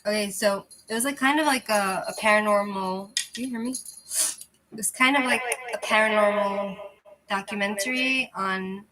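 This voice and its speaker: A woman with a mid-range, pushed and bright voice chats with viewers at a moderate pace on her casual livestream channel. She's loose and rambling and keeps restarting, and her cheap, lousy mic gives a rough recording.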